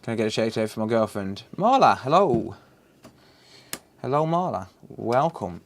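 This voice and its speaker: A man's voice: lowish voice, expressive, brisk, a little hiss or hum. A man chatting casually and joking with his live chat while repairing a console, swearing freely.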